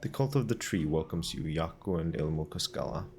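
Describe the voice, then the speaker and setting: A man streaming a video game, muttering and thinking out loud as he reads in-game notes aloud. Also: extremely low pitch, brisk, slight background noise. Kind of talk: casual gameplay commentary.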